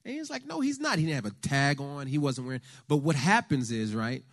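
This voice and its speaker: An American man giving a conversational, faith-based talk on politics to a church lunch audience, telling stories with lively asides. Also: mid-range voice, fast talker. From United States. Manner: animated storyteller, conversational with the audience.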